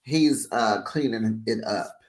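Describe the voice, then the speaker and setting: A host casually recapping a reality TV episode for viewers, opinionated and chatty, talking straight to the audience. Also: slow. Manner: chatty and opinionated, big playful jumps in pitch; talks straight to viewers as "besties".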